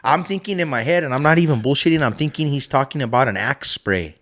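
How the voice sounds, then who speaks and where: A man tells a story on a casual podcast, swearing freely and jumping up loud whenever he acts out what someone said. His pitch swings widely from low mutters to sharp outbursts. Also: lively intonation, quick pace. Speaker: podcast co-host. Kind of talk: casual chat.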